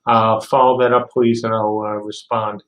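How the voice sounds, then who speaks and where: Reading out viewers' questions on a relaxed livestream, an older game studio head answers them with meandering stories. He speaks at a moderate pace in a fairly low, flat voice, and the sound is roomy and echoey.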